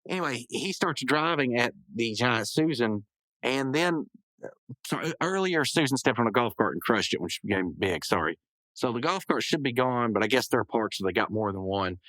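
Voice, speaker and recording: Male podcast host, mid-pitched, rambling recap with frequent self-corrections, dry close-mic sound. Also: animated, moderate pace, a bit bright, no echo, rough recording. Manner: rambling, self-correcting, full of hedges and asides. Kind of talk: casual episode recap.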